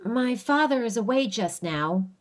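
A woman's voice: on the high side, expressive, a little slow, voice pushed up. A woman voicing a guarded, polite frontier boy who lives alone in a cabin.

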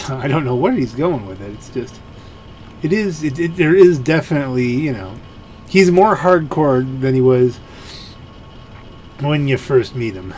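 A man's voice: medium pitch, animated, unhurried, pauses often, a little mellow, soft background music. A man giving let's play commentary in a rambling, musing way, full of fillers and restarts. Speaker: gameplay commentator.

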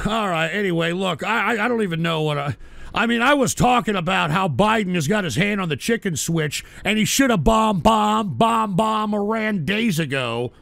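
A man hosting a politics livestream, talking bluntly and profanely in a casual rant that erupts into shouting. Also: high-pitched, animated, moderate pace, gravelly, no room sound. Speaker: host of a call-in politics show.

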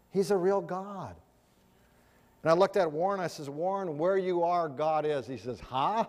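Lively, higher-voiced preacher man in a hall. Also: moderate pace. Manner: animated, acts out the people in his story. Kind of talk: storytelling sermon. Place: large hall with an audience. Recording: long hall reverb.

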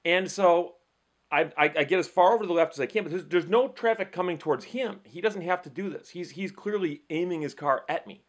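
A middle-aged man hosting a casual legal talk show, telling an animated story with frequent repeats and restarts. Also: high voice, fairly quick. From Michigan, USA. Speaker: legal commentary host.

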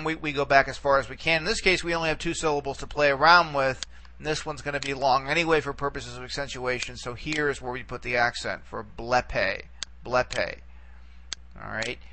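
A man with a bright, forceful voice teaches a recorded lesson, walking through each point patiently and pausing to check in with the listener. A faint hum of room ambience sits behind him. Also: mid-range voice. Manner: patient, explains step by step with frequent "okay" and "all right".

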